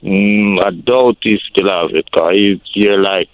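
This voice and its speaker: Polite guy calling in, halting, dry sound. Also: low-pitched, steady tone, clean tone, no room sound, dull audio. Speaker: caller. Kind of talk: phone-in question.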